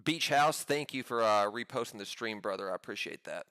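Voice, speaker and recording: Guy calling out his trades live, kinda low voice, smooth and clean, dry close sound, gets hyped. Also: lively intonation, fairly quick, sharp tone, no echo. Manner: hyped, pumped-up chatter with sudden bursts. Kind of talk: live trading commentary.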